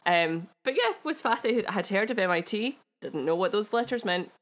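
A woman's voice: medium pitch, lively intonation, a little fast. Scottish woman, podcast co-host, chatty storyteller who laughs at herself, mid-range voice. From Scotland. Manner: chatty, giggly, self-deprecating asides. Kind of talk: casual chat, telling a history story.

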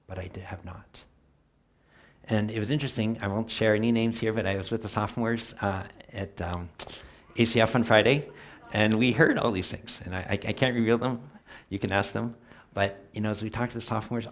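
A middle-aged man preaching a sermon in an earnest voice, swinging from loud emphasis to soft near-whispered asides. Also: fairly low pitch.

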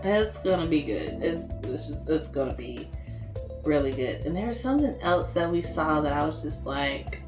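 An animated woman chatting casually about anime, her pitch swinging widely as she acts out scenes. Her voice rings in a roomy, echoey space. Faint music plays behind her. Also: normal speed.

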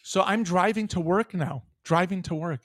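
Animated, profane man telling a story. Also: high voice, moderate pace, no echo, clean studio sound. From United States. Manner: animated, profane, acts out phone calls. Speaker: podcast co-host. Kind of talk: casual storytelling rant.

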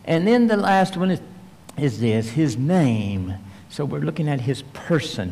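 A man's voice: mid-range voice, very animated, unhurried, vocal fry, warm tone, slight background noise. A male pastor preaching a sermon and leading a prayer. He retells a story vividly and acts out the voices of the people in it. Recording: long reverb, large hall.

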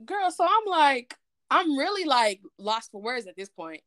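Animated woman telling a story. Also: high-pitched, measured pace, no room sound, studio quality. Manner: animated storyteller, quotes others in dialogue. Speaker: podcast co-host. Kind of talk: casual chat, storytelling.

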